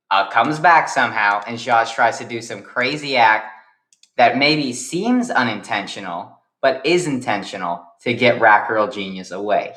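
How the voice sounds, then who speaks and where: A man's voice: mid-range voice, bright, forceful tone, echoey room. Rambling young man retelling a story. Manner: rambling, eager, explains with restarts. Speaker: storyteller, series creator.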